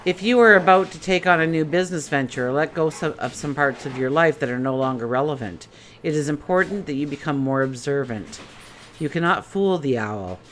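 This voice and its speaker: A woman's voice: deep voice, brisk, slight background noise. A woman giving a casual daily tarot reading in a chatty way, asking many rhetorical questions. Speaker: tarot reader.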